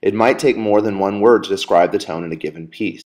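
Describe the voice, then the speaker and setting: A man's voice: on the low side, fairly quick, darkish tone. Earnest man explaining a lesson. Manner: earnest, explanatory, with fillers and restarts; reads quoted lines with emphasis. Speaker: teacher. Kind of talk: screencast lesson walk-through.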